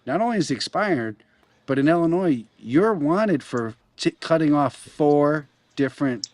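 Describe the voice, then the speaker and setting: Wry man with mid voice and lively delivery. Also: fairly high pitch, measured pace. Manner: wry, teasing commentary. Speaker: guest comedian. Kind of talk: casual comedic banter.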